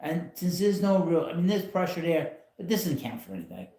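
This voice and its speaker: Very animated and brisk, a man speaks in a slightly high, mellow voice, and the sound is reverberant. Hosting his channel's casual live stream from a rocking chair at home, he rambles bluntly and keeps chuckling.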